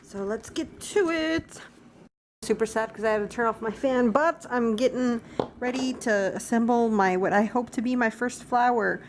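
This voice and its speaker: A woman's voice: fairly high pitch, fairly even intonation, normal speed, slight background noise. A young woman chatting through a casual daily vlog at home, rambling and talking to her dogs. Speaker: vlogger. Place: at home, indoors.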